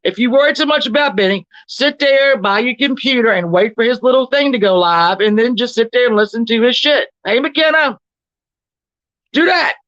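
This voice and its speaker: A woman's voice: a little high, moderate pace, a bit bright, no room sound, muffled recording. A woman hosting a livestream who rants in a profane, combative way, mocking her critics and reading chat comments aloud before firing back at them. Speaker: livestream host. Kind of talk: confrontational livestream rant.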